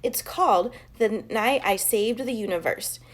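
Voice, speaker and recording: A woman's voice: on the high side, measured pace. A woman voicing a sensible young schoolboy in a storybook, matter-of-fact in tone.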